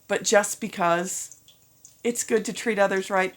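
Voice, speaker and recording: Speaking to students and parents, this woman principal reads out end-of-year announcements in a mid-range voice at a measured pace. Her manner is upbeat and encouraging, she addresses the students as ladies and gentlemen, and she becomes slightly teary as she goes.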